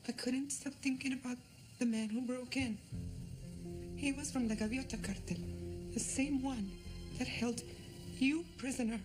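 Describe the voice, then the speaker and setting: An actress playing a maid in a TV drama, intense and probing. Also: female voice, sits high, normal speed, pauses often, over music, natural voice.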